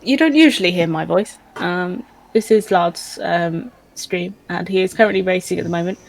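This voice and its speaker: A woman's voice: lowish voice, normal speed, creaky, low-quality recording. A woman co-hosting a live stream, reading out chat in a casual, giggly way with plenty of hesitations. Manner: giggly, hesitant, lots of ums.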